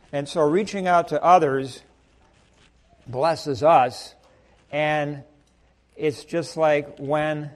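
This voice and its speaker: Animated man preaching a sermon. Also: a little high. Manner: animated storytelling, acts out both sides of short exchanges. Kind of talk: sermon with prayer. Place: church sanctuary.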